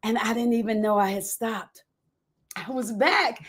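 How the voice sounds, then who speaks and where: A woman reading aloud from her own memoir, emotional and expressive, shifting from hushed to loud and talking to listeners in folksy asides. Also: on the high side, measured pace, slightly rough. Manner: emotional, dramatic swings from quiet to loud.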